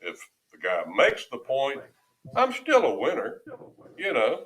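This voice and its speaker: A man's voice: medium pitch, huge pitch swings, a little slow, fairly bright tone, rough recording. A man giving blunt craps advice at a live event, acting out table scenes as he tells stories. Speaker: guest speaker on craps strategy. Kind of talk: casual panel talk. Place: casino event room.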